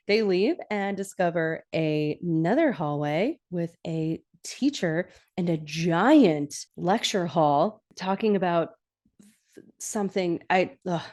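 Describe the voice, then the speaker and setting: Speaking slowly with a fairly low pitch, a young woman hosts a laid-back podcast recapping a TV episode. She's chatty and giggles a lot, growing animated and lifting her voice whenever she acts out lines.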